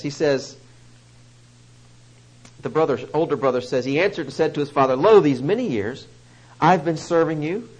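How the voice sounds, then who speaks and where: A male preacher giving an emphatic sermon, swinging between loud stresses and soft asides. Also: medium pitch, low-quality recording.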